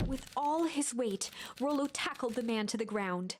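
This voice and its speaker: A woman streamer reading a game's narration aloud in a steady storybook way, going hushed in tense spots. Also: a little high, moderate pace, slight background noise. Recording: game music under the voice.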